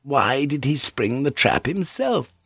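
A man reading a shrewd older court lady who speaks softly, confiding and probing. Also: mid-range voice, sing-song, measured pace, gravelly, slightly rough, no echo, clean studio sound, pitched above the performer's own voice, full character voice. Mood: hushed.

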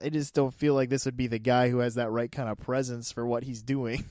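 A man's voice: medium pitch, level tone, fairly quick, darkish tone, dry recording, studio quality. A man co-hosting a podcast, chatting casually about a movie, laughing often and restarting his sentences. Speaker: podcast co-host. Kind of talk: casual movie review chat.

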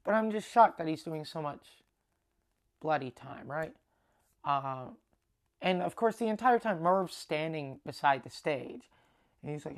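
A man's voice: a little high, unhurried, pauses often. A young Canadian man hosting a podcast, telling a long rambling story with lots of swearing and acted-out dialogue. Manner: rambling, animated, swears freely, acts out quoted dialogue. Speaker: podcast host. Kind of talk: casual storytelling monologue.

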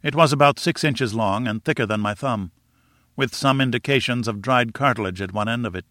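A man narrating a novel in a measured, even reading voice. His tone is bright and forceful, and the recording is close and dry. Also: medium pitch, no echo. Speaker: audiobook narrator. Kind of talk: scripted narration.

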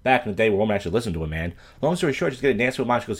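This Philly podcast host rants crudely, spinning stories and offering blunt, foul-mouthed commentary. His voice is low and husky, sing-song in tone, and he races along.

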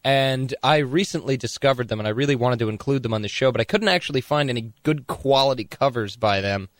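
A young man talks loosely into a dead-dry studio microphone, the way a college radio DJ fills the air between tracks. He rambles a little and amuses himself as he goes, at an even, middling pitch. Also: a little fast, no room sound. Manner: rambling, chatty, self-amused. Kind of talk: casual radio chat between songs.

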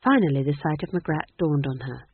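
An audiobook narrator reading a comic fantasy tale in a lively, expressive way. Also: mid-range voice, fairly quick, narrow, tinny audio, a little hiss or hum.

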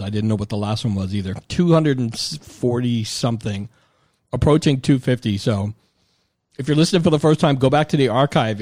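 A man's voice: medium pitch, darkish tone, no echo. A man hosting a podcast, chatting casually and loosely, swearing now and then, close to the mic. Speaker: podcast host. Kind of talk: casual chat. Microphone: close mic, eating near it.

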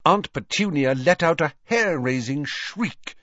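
A man reading an audiobook in an unhurried, expressive way, in a dry, slightly dull recording. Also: on the high side, dry recording. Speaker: audiobook narrator. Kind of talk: audiobook narration.

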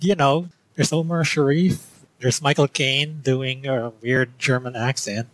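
A man of ordinary pitch talks through his movie verdicts on a podcast. He wanders, pauses on fillers and doubles back to add points. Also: low-quality recording. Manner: rambling, hesitant with many fillers. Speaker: podcast co-host. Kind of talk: casual film review chat.

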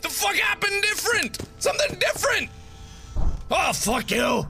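A man giving let's-play commentary in loud, profane outbursts and frustrated shouting. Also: very high-pitched, huge pitch swings, slow pace, long pauses. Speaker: gamer. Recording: clear game music under the voice. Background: game music.

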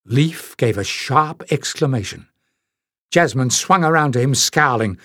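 A man narrating a fantasy audiobook in a measured, storytelling way. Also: mid-range voice, fairly bright tone, slightly rough, no echo, clean studio sound. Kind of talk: scripted narration.

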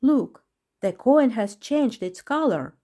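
A woman's voice: a little high, sing-song, measured pace, voice pushed up. A woman voicing an irritated male peacock who questions a villain in a storybook, in a raised, insistent tone. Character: fussy, bossy male peacock detective. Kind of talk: storybook reading.

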